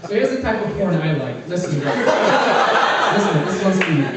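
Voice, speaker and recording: A man with a high, light voice works a small comedy club crowd, brash and profane. He slips into quick character voices between punchlines. The sound is very echoey and the mic sits far from him. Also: sing-song, heavy background noise. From Caribbean. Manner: brash, profane, acts out voices mid-joke. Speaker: stand-up comedian. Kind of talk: stand-up comedy set. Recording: echoey room, mic heard from afar.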